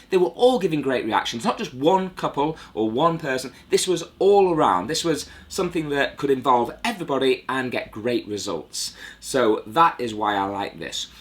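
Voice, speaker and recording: A man's voice: mid-range voice, lively intonation, moderate pace, hardly any pauses. A man giving a chatty, rambling review of a magic trick, with self-deprecating asides. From United Kingdom. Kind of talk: casual review monologue.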